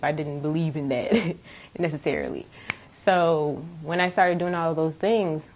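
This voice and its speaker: Low-voiced woman telling her testimony. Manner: candid, animated storytelling with laughs. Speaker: nursing student. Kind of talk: personal testimony.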